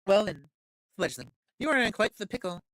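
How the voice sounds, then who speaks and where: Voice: mid-range voice, animated, moderate pace, fairly bright tone, no room sound, clean studio sound, voice pushed up, close to an everyday voice. A streamer reading as a poised vampire patroness. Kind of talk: reading game dialogue aloud.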